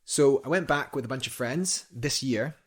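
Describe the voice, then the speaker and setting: A man's voice: mid-range voice, normal speed, breathy edge. A young man, a guest climber, telling a story eagerly in a casual interview, rambling with fillers and restarts.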